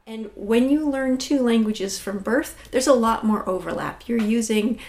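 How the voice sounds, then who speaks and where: A woman researcher giving a measured, explanatory account of how the brain handles language. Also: a little high, a little mellow. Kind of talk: explaining to an interviewer.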